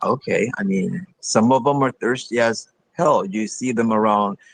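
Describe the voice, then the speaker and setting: A man from Ethiopia calls in to argue with a stream host. His voice is low and gravelly with a husky edge. He speaks haltingly, restarting his sentences. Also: dry recording, rough recording. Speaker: caller. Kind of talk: call-in argument.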